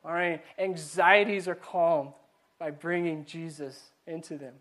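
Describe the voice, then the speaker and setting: A man giving a conversational sermon to a live congregation, animated and questioning the audience, often stumbling and repeating words. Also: fairly high pitch, slow. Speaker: pastor. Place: church before a live congregation.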